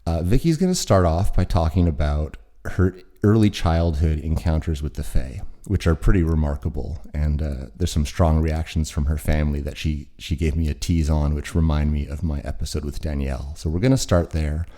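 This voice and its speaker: A man hosting an interview, introducing his guest in a halting way with many fillers. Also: a bass voice, dark tone. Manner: halting, filler-heavy delivery. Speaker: podcast host.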